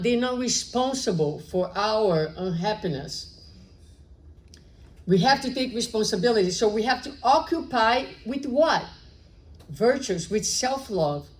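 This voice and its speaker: A woman giving a public spiritual lecture, reflective and often checking in with her listeners. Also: on the high side. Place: spiritist center meeting room.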